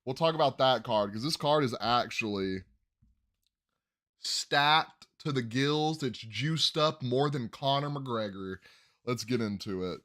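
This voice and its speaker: Speaking a little slowly in a medium-pitched, fairly bright voice, this sports podcast host chats in a rambling, casual way. He trips over the harder fighter names when reading them aloud.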